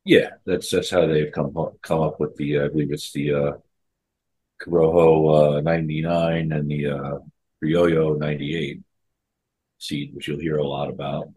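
Male co-host, deep gravelly low register, rambling casual talk. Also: little pitch movement, normal speed, a little mellow, low-quality recording. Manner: rambling, repeats words as he thinks. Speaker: podcast co-host. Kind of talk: casual chat.

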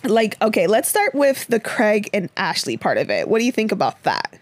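In casual chat with her podcast co-host, a young woman recaps a TV episode at normal speed and medium pitch. She's animated, curses freely, and fills her recap with fillers and "this, that, and the fourth."

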